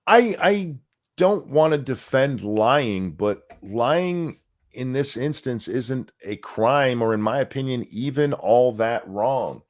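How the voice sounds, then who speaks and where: A man's voice: medium pitch, expressive, slow. A middle-aged man co-hosting a casual podcast chat, ranting with strong opinions. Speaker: co-host.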